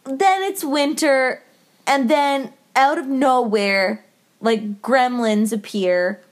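A young woman co-hosts a casual podcast and tears into a movie with exasperated, sarcastic rants and the odd curse. Her voice sits high, and she drags her words out slowly. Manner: ranting, exasperated, swearing, sarcastic retelling. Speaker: podcast co-host. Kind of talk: casual movie review chat.

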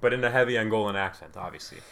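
Male podcast co-host, lowish voice, teasing banter, loose and casual. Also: racing, gravelly, pushed and bright. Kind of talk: casual chat.

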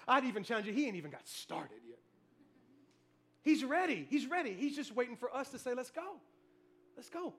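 A male pastor preaching a sermon, telling family stories with animated energy, shouting cheers and then dropping soft. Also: extremely high pitch, a little fast.

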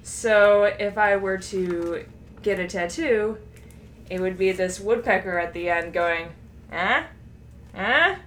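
A woman co-hosts a podcast in easy, casual chat. She retells stories with animated enthusiasm and laughs readily. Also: mid-range voice, slow pace, slight background noise. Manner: animated storyteller, often laughing. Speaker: podcast co-host.

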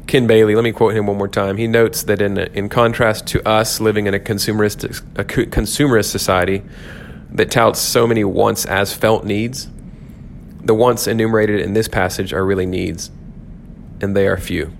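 Gravelly low-voiced man preaching earnestly. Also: fairly even intonation, moderate pace, a little hiss or hum. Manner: earnest, reflective preaching with emphatic repetition. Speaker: podcast host teaching on scripture. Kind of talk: devotional podcast talk.

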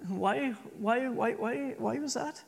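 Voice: medium pitch, slow, gravelly, husky. A preacher delivering an earnest sermon, often repeating phrases for emphasis. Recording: long reverb from a hall.

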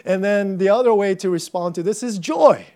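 Male pastor, young adult, high-pitched, animated sermon delivery with bursts of shouting. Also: moderate pace. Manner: animated, acts out voices, shouts for emphasis.

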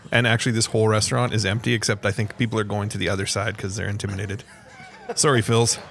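A man's voice: lowish voice, flat delivery, fast, fairly bright tone. A man co-hosting a podcast in a diner, upbeat and brief in his comments. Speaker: podcast co-host. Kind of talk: casual chat.

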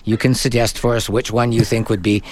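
A man's voice: on the low side, flat delivery, brisk. A man hosting a call-in tech radio show, chatting casually with guests and reading out listener messages. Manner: chatty, laughs easily, reads listener messages.

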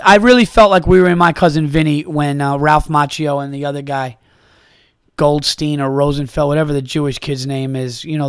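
A man hosting a podcast, telling a rambling, profane comedy story in a casual, animated way. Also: a little high, clean tone, no room sound, clean studio sound.

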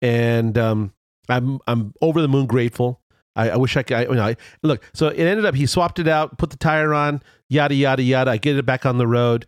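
A man telling a road story in casual chat, rambling with restarts and fillers, and his voice jumps higher when he gets excited. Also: a little fast, clean tone, dry recording, studio quality.

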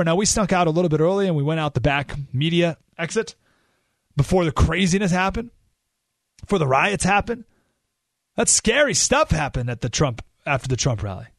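A male radio talk show host tells a story with a lively delivery and a slightly high voice. He rises sharply in pitch whenever he acts out quotes. His studio mic sounds close and dry, with no room echo. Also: brisk.

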